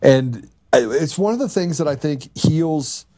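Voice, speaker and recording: A man's voice: on the high side, expressive, measured pace, mellow. A man hosting a podcast, telling anecdotes in casual chat and laughing often. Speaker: podcast host.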